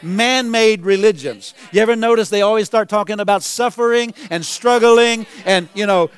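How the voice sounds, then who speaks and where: A man preaching a sermon as pastor, emphatic and repetitive, building to shouted declarations. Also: sits high, normal speed, few pauses, smooth. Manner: emphatic preaching, repeats phrases, rises to shouts.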